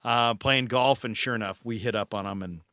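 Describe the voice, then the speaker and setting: A middle-aged man hosting a casual chat, telling a story in an animated way and acting out the voices in it. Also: medium pitch, a little fast, dry recording, studio quality. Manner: animated storyteller who acts out the voices in his anecdotes. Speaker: podcast host.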